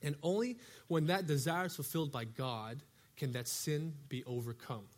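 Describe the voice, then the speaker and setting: A man's voice: fairly high pitch, moderate pace. A man who is a youth and young adult pastor, preaching a sermon in a church in a loose, conversational storytelling way with frequent filler words.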